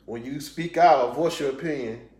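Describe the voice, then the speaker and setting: A man who teaches high school, speaking in casual podcast chat, hedging his points and then getting animated, with slang like "you feel me". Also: moderate pace, roomy sound.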